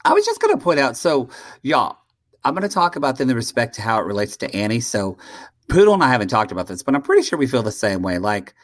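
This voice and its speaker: A man's voice: medium pitch, huge pitch swings, fast talker, no echo, clean studio sound. A man co-hosting a casual podcast, blunt and profane, with dramatic outbursts. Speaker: podcast co-host.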